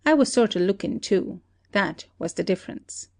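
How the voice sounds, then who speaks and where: A woman voicing a shrewd country detective who calmly lays out an accusation in a play reading. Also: medium pitch, natural voice. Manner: steady, deliberate accusing. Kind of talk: amateur audiobook play reading.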